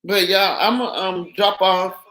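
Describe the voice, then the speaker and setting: Bright-voiced woman on a livestream, emotional and effusive, in an echoey room. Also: medium pitch, steady tone, unhurried. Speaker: livestream guest. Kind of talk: casual livestream chat.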